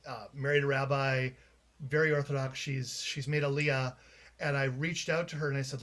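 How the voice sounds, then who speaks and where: A man's voice: medium pitch, little pitch movement, moderate pace, a bit bright. A man from Canada, a playwright being interviewed, telling anecdotes in a chatty way with frequent restarts. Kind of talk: casual interview chat.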